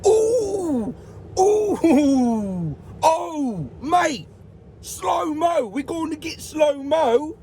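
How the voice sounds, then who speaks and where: A man putting on an excited young Australian guy who shouts about filming in slow motion. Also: slight background noise, full character voice. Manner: high-pitched, shouting from far off.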